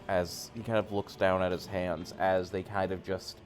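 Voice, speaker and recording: Low-voiced man playing a tabletop game. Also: moderate pace, hardly any pauses, soft background music. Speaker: player. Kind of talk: tabletop role-play, in-character speech.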